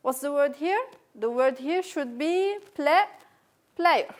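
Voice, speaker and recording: A female teacher with a French accent leads a recorded English revision lesson, slowly repeating every word and sentence for her learners. Her voice is high-pitched and expressive.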